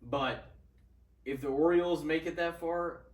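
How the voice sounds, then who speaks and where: A man's voice: a little high, fairly even intonation, measured pace. A man hosting a podcast, chatting casually about sports, blunt and swearing often as he grumbles about teams. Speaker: podcast host. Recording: roomy, distant mic.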